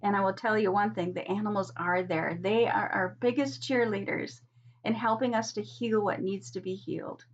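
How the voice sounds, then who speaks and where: A middle-aged woman giving a gentle spiritual card reading, soft, earnest and encouraging. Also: mid-range voice, steady tone, moderate pace, slight background noise. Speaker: oracle card reader. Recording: dull lo-fi sound.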